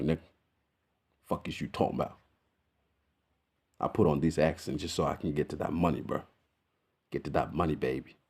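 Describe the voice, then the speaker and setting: Casting: a man playing a brash young man with an Atlanta accent; low and slangy. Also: a little mellow. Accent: Southern US, Atlanta. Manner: slow, swaggering, slangy.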